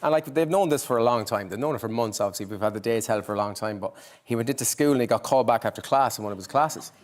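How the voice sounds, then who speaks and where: A middle-aged Irish man, a band member guest, telling an animated anecdote. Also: medium pitch. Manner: quick, animated storyteller. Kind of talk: talk show anecdote. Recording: loud audience and noise behind.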